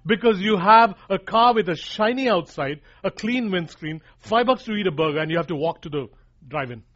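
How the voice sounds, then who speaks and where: On a dull, lo-fi recording, a man with a high-sitting, fairly bright, expressive voice preaches at a normal speed. He hammers his points hard, repeats key lines for emphasis, and calls his listeners "guys."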